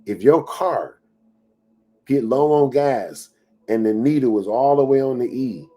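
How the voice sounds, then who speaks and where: A man's voice: a little slow, dark tone. A middle-aged man giving an emphatic motivational talk, repeating phrases for emphasis and sometimes dropping to a whisper. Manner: emphatic preaching with repetitions; drops to a low whisper acting out inner doubts. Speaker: motivational speaker.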